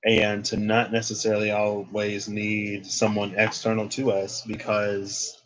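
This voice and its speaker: Young man, tarot reader, bright forward voice, rambling casual talk, restarts his sentences. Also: on the low side, completely flat delivery, unhurried. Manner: rambling, restarts phrases, thinks aloud. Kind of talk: casual spoken tarot reading.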